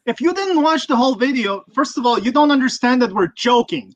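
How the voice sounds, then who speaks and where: A man's voice: extremely high pitch, expressive, brisk, hardly any pauses, lo-fi sound, a little hiss or hum. A man hosting a casual livestream chat, rambling and ranting with lots of swearing. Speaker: livestream host.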